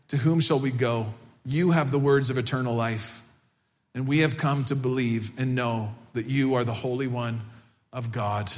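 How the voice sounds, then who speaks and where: A male pastor preaching a sermon to his congregation in a church, and at times he builds to a loud, fervent pitch. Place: church sanctuary.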